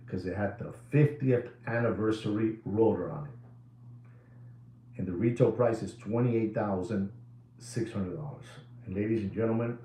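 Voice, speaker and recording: A man's voice: mid-range voice, mellow, dull audio. Emphatic man in an echoey room. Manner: emphatic, repetitive, mixes in Spanish phrases. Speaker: watch market commentator. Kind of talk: animated price commentary.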